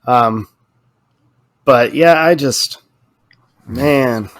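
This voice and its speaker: A man co-hosting a casual podcast, talking in an animated, ranting way and swearing freely. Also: mid-range voice, drawn-out words. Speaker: podcast co-host.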